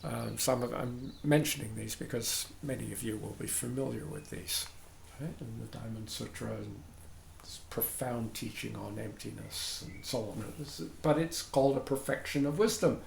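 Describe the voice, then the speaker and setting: Male dharma teacher, mid pitch, relaxed digressive lecture manner, roomy recording with faint noise. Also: normal speed, vocal fry. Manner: chatty, digressive, often asks "right?". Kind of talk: informal dharma talk.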